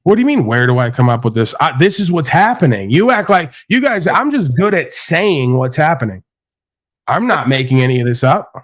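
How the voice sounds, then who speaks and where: A man's voice: fairly high pitch, big pitch swings, brisk. A man hosting a live stream, talking in a boastful, rambling, mocking way in crude casual banter.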